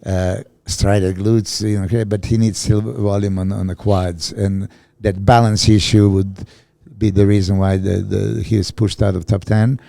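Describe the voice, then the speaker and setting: A man co-hosting a casual podcast chat as a bodybuilding coach, talking haltingly with many restarts and fillers. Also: lowish voice, flat delivery, creaky, mellow, no room sound.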